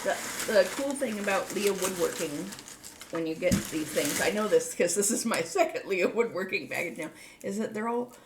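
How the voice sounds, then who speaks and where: A woman vlogger telling a long, meandering story in casual chat, with many asides and restarts and sudden bursts of excitement. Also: mid-range voice, normal speed, noisy background.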